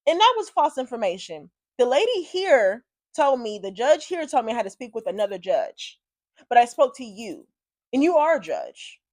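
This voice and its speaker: A woman vlogger telling a story casually, with animated, profanity-heavy, exasperated delivery. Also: fairly high pitch, moderate pace, dry recording.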